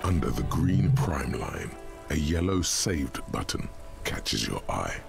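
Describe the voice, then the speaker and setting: Extremely deep, gravelly game narrator, blunt and second-person; game music behind. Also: male voice, very animated, takes it slowly, heavily acted. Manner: blunt, speaks to the player as you. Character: inner-voice male narrator of a detective game.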